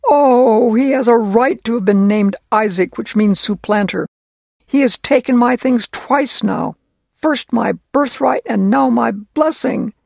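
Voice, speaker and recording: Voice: medium pitch, measured pace, gravelly, no echo, clean studio sound, voice pushed up. A storyteller voicing a grieving young man who begs his father, in a raised, strained voice. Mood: bitter.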